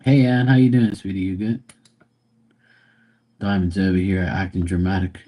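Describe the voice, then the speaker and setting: A man's voice: sits low, normal speed, dark tone. A man hosting a casual live stream from home, greeting viewers by name and teasing his dog in a laid-back way. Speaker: live stream tarot reader.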